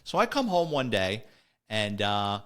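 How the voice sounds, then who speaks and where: Speaking on the low side at a measured pace, this middle-aged man has a clear, resonant tone. He hosts a podcast, spinning casual stories with animated wisecracks and performing the quoted voices of his characters.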